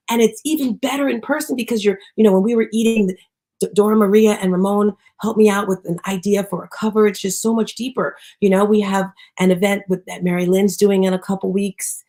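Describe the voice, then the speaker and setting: A woman's voice: mid-range voice, fairly even intonation, brisk, warm tone. A woman hosting a live audio chat room, upbeat and chatty, speaking affectionately to the people in the room. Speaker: host.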